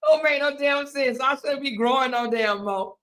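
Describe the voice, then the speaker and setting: A woman's voice: high voice, moderate pace, fairly bright tone. A woman in her fifties hosting a casual livestream, reading viewer comments aloud, laughing and fighting the hiccups, calling her viewers honey and girl. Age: 50s. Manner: laughing, drawling Southern-Black-style endearments like honey and girl. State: has the hiccups. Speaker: livestream host.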